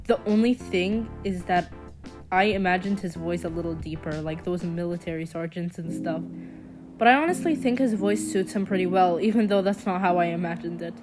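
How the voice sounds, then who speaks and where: A young woman giving a chatty, casual voice-over commentary with quick sarcastic asides. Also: fairly low pitch, music in the background. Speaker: commentary vlogger.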